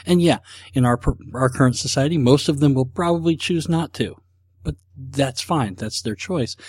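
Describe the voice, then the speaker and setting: A man's voice: mid-range voice, no echo. A man hosting a casual podcast, rambling and self-deprecating as he reads listener questions. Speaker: podcast host. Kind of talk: casual solo podcast chat.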